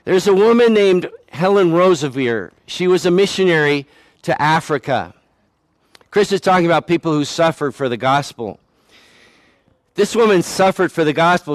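A pastor delivers his sermon in a relaxed, conversational way, poking fun at himself and acting out the people he quotes. He is a man with a fairly high-pitched voice. The recording is dry and close, with almost no room sound. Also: no echo. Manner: conversational, self-deprecating, acts out quoted voices.

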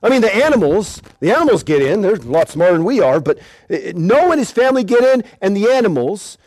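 A male preacher giving an animated evangelistic sermon at an outdoor gathering, repeating words and shouting at times. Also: high voice, quick pace, no echo.

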